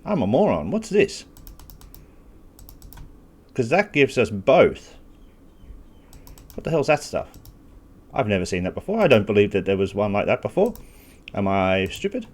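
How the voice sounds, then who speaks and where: A man with a fairly low voice gives relaxed gameplay walkthrough commentary, reasoning out loud as he clicks through menus. He pokes fun at himself now and then and keeps catching the hiccups. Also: a little slow, long pauses. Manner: casual, thinking aloud with self-deprecating asides. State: has the hiccups. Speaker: gaming channel host.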